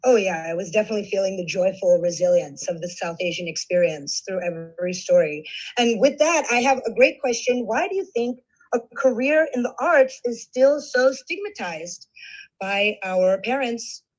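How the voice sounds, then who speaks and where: A woman's voice: mid-range voice, moderate pace, rough recording. A woman moderating an author talk, giving effusive praise before putting her questions. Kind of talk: interviewing an author at a gala event.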